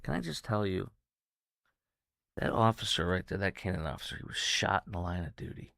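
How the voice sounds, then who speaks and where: A middle-aged man hosting his own podcast, telling a story in a rambling way with many restarts, and at times going soft and emotional. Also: sits low, a little fast, dry recording, clean studio sound. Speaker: podcast host. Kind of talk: casual solo podcast monologue.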